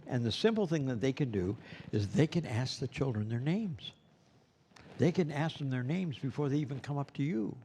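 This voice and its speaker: A man leading a class at a school for Santas, speaking to students in the room. His voice sits at an ordinary middle pitch. He rambles easily, with plenty of "you know"s, and a faint background hiss runs under him. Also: animated, normal speed, warm tone. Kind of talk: teaching a class.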